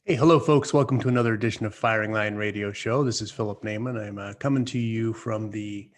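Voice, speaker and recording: A man's voice: fairly low pitch, quick pace, soft background music. A man hosting a talk radio show, folksy, opinionated and joking as he speaks to his listeners. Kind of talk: talk radio monologue and banter.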